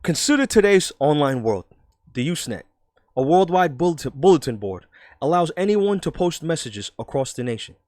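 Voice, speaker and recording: A man's voice: fairly high pitch, sing-song, moderate pace, no room sound, studio quality. A man doing a scoffing New York columnist. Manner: emphatic, dismissive, loud read-aloud. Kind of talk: dramatic reading in a put-on voice.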